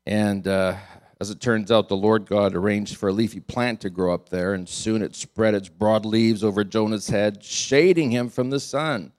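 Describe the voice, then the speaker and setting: Lively male pastor preaching with amusement. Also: fairly low pitch, normal speed. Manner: animated, amused storytelling with frequent chuckles. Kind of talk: sermon.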